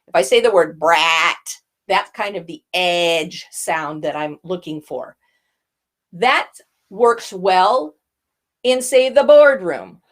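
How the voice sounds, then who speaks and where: A woman voice coach teaching, expressive as she demonstrates airy and edgy tones with her own voice. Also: medium pitch. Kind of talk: instructional talk.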